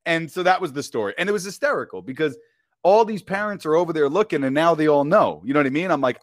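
A man's voice: on the high side, quick pace, no room sound, studio quality. A man, a podcast guest, telling a story in casual chat, talking in slang and keeps asking "you know what I mean".

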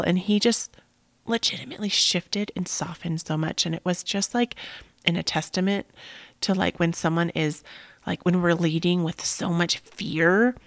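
A woman's voice: fairly low pitch, fairly even intonation, normal speed, creaky, no echo. A woman in her thirties, a podcast host, telling a personal story at home in a candid, chatty way, swearing casually and saying "like" a lot.

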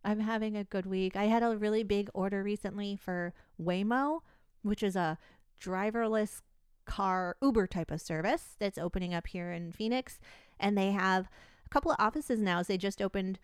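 A woman's voice: medium pitch, normal speed, smooth, dry recording, studio quality. A woman co-hosting a casual podcast, chatting in a rambling way and laughing often as she tells stories. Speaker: podcast co-host. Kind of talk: casual chat.

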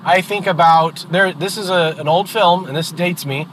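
A man's voice: high-pitched, normal speed, fairly bright tone, low-quality recording. A middle-aged man hosting a podcast with his daughter, chatting earnestly and rambling through stories while driving. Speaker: podcast host and father. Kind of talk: casual chat in a car. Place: in a moving car. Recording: road noise from the car.

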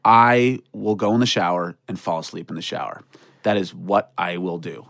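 A man telling a comic story on a podcast in an animated way, acting out voices with shouts and laughter. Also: low voice, moderate pace, creaky, no room sound, clean studio sound.

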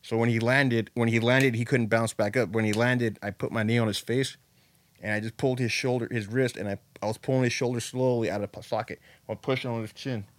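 A man in casual podcast chat, telling a rough story with a lot of swearing and animated energy. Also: mid-range voice, fairly quick.

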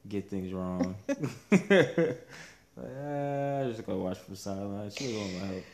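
A man's voice: lowish voice, animated, a little slow, darkish tone. A man co-hosting a casual chat, teasing in a laid-back way and laughing at his own jokes. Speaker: podcast co-host.

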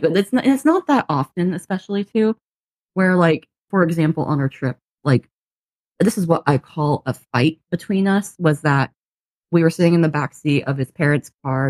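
Low-voiced woman telling a story. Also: dry recording. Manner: animated storyteller who acts out both sides of conversations and laughs often; swears casually. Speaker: podcast co-host. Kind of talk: casual chat.

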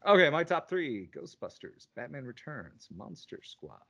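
A man's voice: medium pitch, very animated, measured pace, pushed and bright, muffled recording. A man co-hosting a podcast in casual chat, laughing often and retelling scenes with animation. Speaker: podcast co-host.

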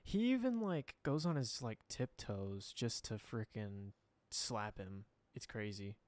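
A man's voice: on the low side, expressive, slow pace, dry recording. A young man co-hosting a podcast in casual chat, rambling and laughing often, trailing off mid-sentence. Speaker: podcast co-host.

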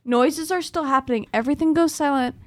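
Young woman podcast cohost telling spooky stories, kinda high voice, swears a lot, dry close sound. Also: a little fast, no echo. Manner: animated storyteller, swears freely. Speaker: podcast co-host. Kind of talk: casual chat, storytelling.

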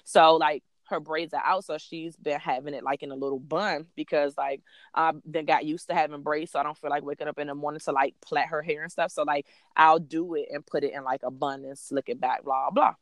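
A woman in her thirties with a fairly low voice tells a story from her own life, casual and blunt, cursing freely and getting animated as she goes. The recording is dry and close. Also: brisk, no room sound. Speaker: podcast host.

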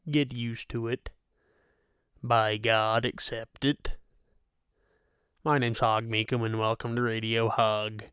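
Slow, sarcastic ranting male podcaster. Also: mid-range voice, smooth, no room sound, studio quality. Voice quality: loose, cursing, sarcastic. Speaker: podcast host. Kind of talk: profane ranting monologue.

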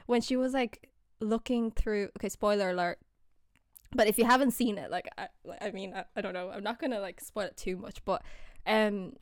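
A woman's voice: medium pitch, dry recording, studio quality. A young woman chatting casually and telling a story with lots of laughter and quoted voices. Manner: animated storytelling, laughs often, acts out quotes. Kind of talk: casual chat.

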